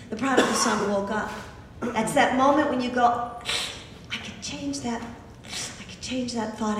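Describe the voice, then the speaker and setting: A woman's voice: a little high, distant mic, slight background noise. A woman preaching in an echoey hall. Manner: animated, emphatic storytelling with asides. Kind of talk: sermon. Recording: echoey hall recorded from afar.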